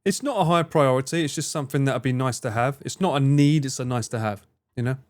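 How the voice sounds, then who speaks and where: Reading viewers' messages aloud and replying, a livestreamer chats casually, rambles, and swears every so often. He talks fast in a mid-range voice.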